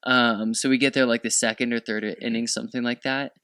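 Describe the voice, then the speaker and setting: A young man, a podcast guest, telling excitable stories in casual chat with lots of swearing. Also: mid-range voice, fairly quick, smooth, dry recording. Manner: excitable, profane storytelling.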